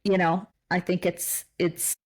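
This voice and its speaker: A woman's voice: on the low side, level tone, measured pace, a little mellow, low-quality recording. A woman co-hosting a casual podcast, talking in a reflective way that turns emotional, with frequent restarts. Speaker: podcast co-host.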